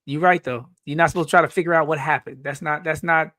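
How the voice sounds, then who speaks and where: A man's voice: fairly high pitch, fairly even intonation, quick pace, pushed and bright, dry recording, clean studio sound. A man co-hosting a casual talk show, explaining points emphatically. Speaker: co-host. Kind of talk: casual chat.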